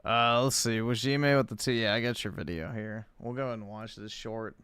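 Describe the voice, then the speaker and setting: A man's voice: lowish voice, moderate pace, fairly bright tone, clean tone, no room sound. A man hosting a reaction stream, mocking and sarcastic, who swears often. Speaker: streamer host.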